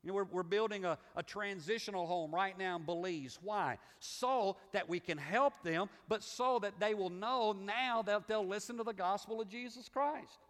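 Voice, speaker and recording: A man's voice: high voice, normal speed, few pauses, a bit bright, big-room sound. A middle-aged man with a Southern US accent preaching a sermon as pastor, in a folksy, conversational way with restarts and repeats. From Southern United States.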